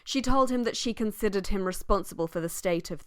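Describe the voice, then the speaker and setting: A woman reading a novel aloud as an audiobook, with expressive rises in pitch for emphasis. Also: fairly quick, hardly any pauses, dry recording, studio quality. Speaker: audiobook reader. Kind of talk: scripted audiobook narration.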